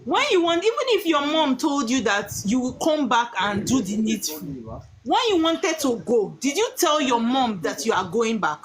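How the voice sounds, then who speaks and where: A woman with a Nigerian accent in casual chat, firm and questioning, quick to laugh. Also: on the high side, big pitch swings, crowd noise.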